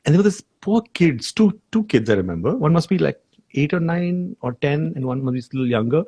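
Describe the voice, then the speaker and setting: A man's voice: on the high side, sing-song, a little fast, dark tone, husky, dry recording. A man, a guest in a live video chat, telling an anecdote casually with fillers and restarts. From India. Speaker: guest actor. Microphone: video call.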